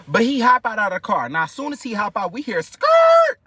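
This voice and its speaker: Young guy w/ aave doing a storytime vlog, gossipy, cussing a lot, bright edgy voice, dry close mic. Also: quick pace, slightly rough, dry recording. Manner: animated, profane, gossipy, with sudden high-pitched outbursts. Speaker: storyteller vlogger. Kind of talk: casual storytime monologue.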